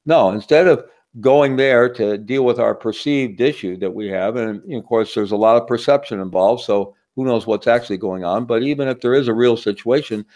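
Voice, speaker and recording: A man's voice: medium pitch, moderate pace, few pauses, a little mellow. A man giving a teaching talk in a conversational way, often checking in with the audience. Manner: conversational, asks the audience with a frequent "right?". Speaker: workshop speaker.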